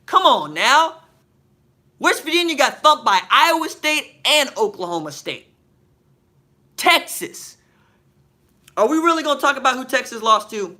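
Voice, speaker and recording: A man hosting a live stream, reading viewer questions from the chat aloud and answering them with slangy, animated banter and rapid rhetorical questions. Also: very high-pitched. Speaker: podcast host.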